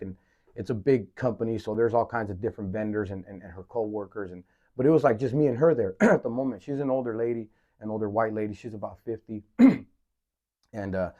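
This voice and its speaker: A man hosting a podcast, speaking candidly in a halting personal monologue, often repeating words and saying "man". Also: lowish voice, dark tone. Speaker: podcast host.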